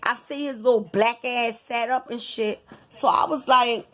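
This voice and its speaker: A woman vlogger telling a personal story to her viewers in a casual, animated way. She swears freely, repeats herself for emphasis and keeps talking straight to her audience. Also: a little high, measured pace. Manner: animated, profane, addresses viewers directly with lots of repetition.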